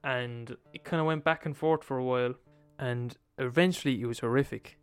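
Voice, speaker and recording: A man's voice: medium pitch, normal speed, smooth, no echo, faint music behind. A man with an Irish accent retelling a story in a casual, profane, repetitive, conversational way.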